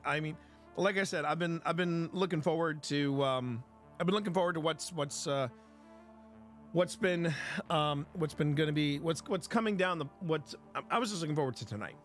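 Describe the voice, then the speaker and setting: A man hosts a live stream in a loose, rambling way, often restarting his sentences and swearing casually. His voice sits fairly high, and faint music plays underneath. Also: fairly bright tone. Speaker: streamer host.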